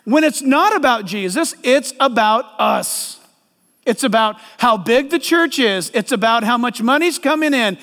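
A man preaching a sermon as a pastor, animated and acting out voices in the quotes. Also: very high-pitched, a little slow, long reverb tail.

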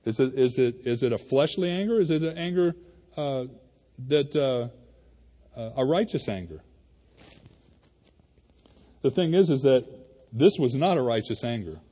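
Warm-voiced male pastor preaching in a hall. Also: mid-range voice, unhurried, long pauses. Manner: conversational and animated, addressing the congregation as "you guys". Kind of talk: sermon. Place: church sanctuary. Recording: reverberant hall.

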